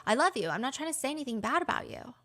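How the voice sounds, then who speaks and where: A woman's voice: sits high, sing-song, very fast, fairly bright tone. Exasperated woman telling a storytime. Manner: reads text messages aloud with exasperated commentary. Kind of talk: casual storytime with friends.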